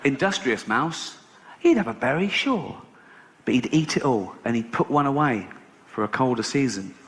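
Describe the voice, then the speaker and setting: A man spins a mock-innocent stand-up tale at an ordinary, middling pitch. His delivery is sardonic and laced with casual swearing. A faint hiss sits under the voice. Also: big pitch swings, normal speed. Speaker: stand-up comedian. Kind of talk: stand-up storytelling.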